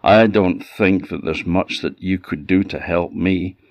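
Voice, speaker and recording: A man's voice: low-pitched, fairly even intonation, a little slow, no echo. Storybook young hero by a man: Orcadian, earnest and fumbling, dull audio. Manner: earnest, hesitant. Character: young prince, the ash lad, good-natured and earnest.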